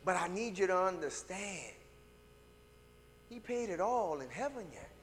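A man delivers a sermon in a high, bright voice that swoops up and down. He presses his points emphatically, checking in with the congregation again and again. His words ring out with a long reverb from the sanctuary. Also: big pitch swings, unhurried. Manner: emphatic, checks in with "All right?"; calls out to the congregation. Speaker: pastor. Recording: reverberant hall.

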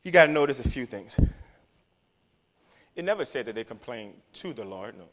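A man preaching a sermon, swinging from hushed remarks to shouting and tossing in joking asides. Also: medium pitch, big pitch swings, moderate pace.

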